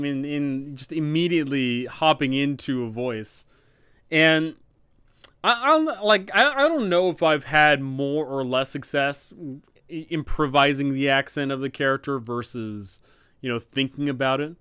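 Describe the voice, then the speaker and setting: A man's voice: medium pitch, a little slow, sharp tone, clean tone, dry recording, studio quality. A man, a dungeon master hosting a live Q&A stream, chatting casually and rambling. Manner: rambling, lots of fillers and restarts.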